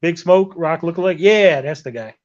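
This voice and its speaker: Calling into a podcast from a hotel room, this host speaks at normal speed in a voice fairly high for a man, the audio a bit dull and lo-fi. His casual storytelling is animated and full of swearing, and he jumps into other people's voices to act out their lines.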